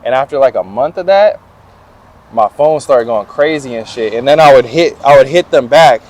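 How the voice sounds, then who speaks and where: Young man, outdoor street interview, slangy and unhurried storyteller, mid-pitched voice. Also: expressive, a little mellow. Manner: slangy, laid-back storytelling. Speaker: interview guest.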